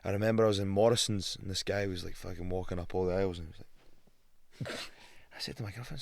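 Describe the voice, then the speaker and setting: A Scottish man in his thirties, a guest on a podcast, telling lively stories in casual chat, swearing freely and acting out the voices of people he meets. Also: deep voice, a little fast, gravelly. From Scotland. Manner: animated storyteller, swears a lot, acts out quotes. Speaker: guest, pro fighter.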